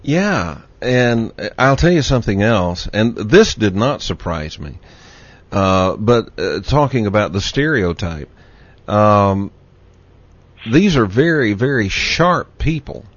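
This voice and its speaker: A man from Texas with a Southern accent, hosting a radio talk show in a folksy, relaxed way. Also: on the low side, takes it slowly, no echo, highs cut off. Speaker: radio host.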